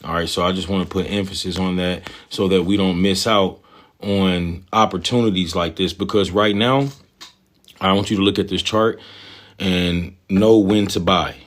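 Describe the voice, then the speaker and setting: A man's voice: low voice, fairly even intonation, moderate pace. A man hosting a livestream, talking to viewers casually in loose slang and often repeating phrases. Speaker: livestream host, trading commentator.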